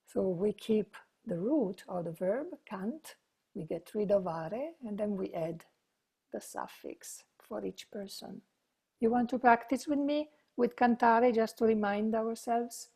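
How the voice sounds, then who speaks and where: A woman's voice: medium pitch, measured pace, dark tone, husky. A woman teaching an online language lesson, patiently explaining and drilling verb forms aloud. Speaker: Italian teacher.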